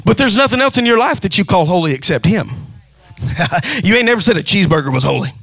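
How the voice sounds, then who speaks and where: A man preaches in a high, ringing voice. He builds emphasis through repetition and breaks into shouted, half-sung cadences. The sound is close and dry, with no room echo. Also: very animated, fast. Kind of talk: sermon.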